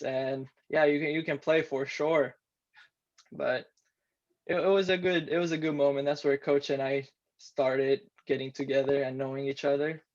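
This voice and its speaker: A man's voice: a little high, lo-fi sound. A man of about twenty with a Romanian accent, a native Romanian speaker, telling his story in a plain, matter-of-fact way as an interview guest. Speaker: interview guest, former student athlete. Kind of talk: casual interview.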